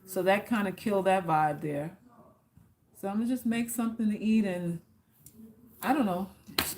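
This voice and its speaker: A woman talks casually to her viewers on a live stream. She reads out their comments and answers with blunt, slangy teasing and some cursing. Her pitch sits in the ordinary middle. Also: animated, normal speed, darkish tone, slight background noise. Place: South Florida.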